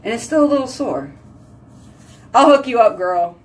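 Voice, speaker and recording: A woman's voice: on the high side, lively intonation, normal speed. A chatty woman, hosting a casual live stream and talking with her viewers. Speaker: livestream host.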